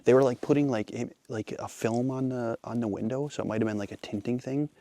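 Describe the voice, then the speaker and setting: A man's voice: mid-range voice, steady tone, a little fast, mellow, slight background noise. A man co-hosting a casual podcast from a boat on a marsh, telling rambling stories in a laid-back way. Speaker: podcast co-host. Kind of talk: casual chat.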